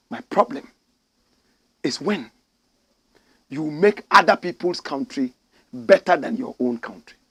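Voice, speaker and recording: A man with a Ghanaian English accent giving fiery, indignant commentary as a show host, swinging from shouts to low, pointed lines. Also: breathy edge. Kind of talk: impassioned commentary.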